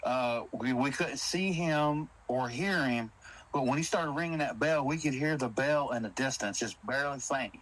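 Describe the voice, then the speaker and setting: A male caller recounts a spooky encounter at a normal pace in a mid-range voice, and the audio quality is poor. His storytelling is casual, animated and Southern-inflected, and he acts out others' words as quoted dialogue.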